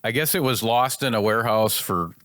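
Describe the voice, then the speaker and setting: A man's voice: mid-range voice, fairly quick, fairly bright tone, dry recording, clean studio sound. A man hosting a hockey podcast, asking eager, enthusiastic questions like a devoted fan. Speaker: podcast host. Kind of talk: conversational interview.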